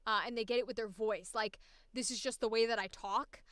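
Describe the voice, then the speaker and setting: Bright-toned woman in chatty stream talk. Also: on the high side, fairly even intonation, brisk, clean tone, dry recording, clean studio sound. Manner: chatty, laughing, swearing freely. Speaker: voice actor streamer. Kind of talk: casual livestream chat.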